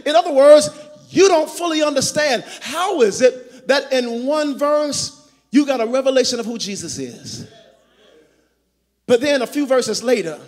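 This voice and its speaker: High-voiced preacher in echoing church. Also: male voice, measured pace. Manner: call-and-response preaching, rising to shouts. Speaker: pastor. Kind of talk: sermon. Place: large church sanctuary. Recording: long church reverb.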